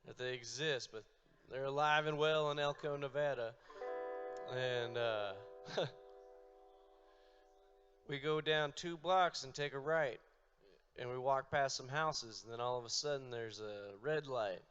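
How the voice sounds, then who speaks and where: Guy on stage rambling a crude road story, deadpan, kinda muffled recording, soft guitar underneath. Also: medium pitch, measured pace. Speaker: comedic storyteller and musician. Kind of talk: stand-up storytelling.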